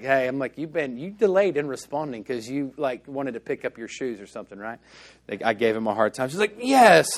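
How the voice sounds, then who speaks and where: A male pastor preaching a sermon in a church, telling stories in a casual, conversational way and acting out the dialogue. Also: medium pitch.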